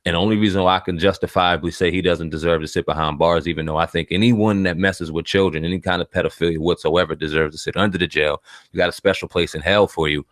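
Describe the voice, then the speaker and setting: Deep voiced guy cohosting a news chat, cusses a lot, dead dry mic. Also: fast talker, no echo. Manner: blunt, profane, animated. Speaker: co-host. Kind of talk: casual news commentary.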